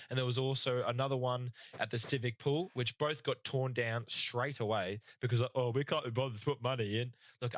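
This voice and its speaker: A man's voice: mid-range voice, a bit bright, dry recording, rough recording. A young Australian man co-hosting a casual sports podcast, fired up and swearing in mock outrage. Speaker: podcast co-host.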